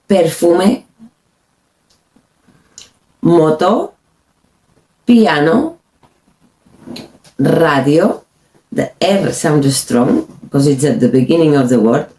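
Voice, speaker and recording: A woman teaching pronunciation, speaking slowly and carefully and repeating each word for learners. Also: low-pitched, lively intonation, warm tone. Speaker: Spanish teacher. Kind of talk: pronunciation lesson. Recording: echoey room.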